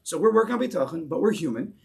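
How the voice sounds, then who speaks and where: A man's voice: a little high, very animated, fast, creaky. A man teaching a Torah class in English mixed with Hebrew terms, emphatic and repeating key phrases as he builds to a point.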